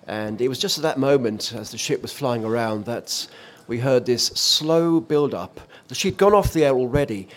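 A man's voice: mid-range voice, moderate pace, few pauses. A man who worked as an offshore radio presenter, telling a vivid story in conversation with frequent fillers and restarts. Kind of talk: reminiscing in conversation.

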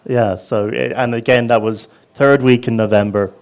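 A man's voice: mid-range voice, steady tone, normal speed, darkish tone. A man interviewing a guest in a casual, friendly way, prompting him with questions.

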